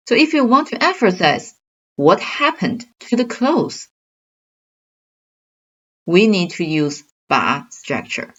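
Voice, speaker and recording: A woman teaching a grammar lesson, explaining slowly and carefully with examples. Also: fairly low pitch, very animated, fairly bright tone, breathy edge, dull audio. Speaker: Chinese language teacher.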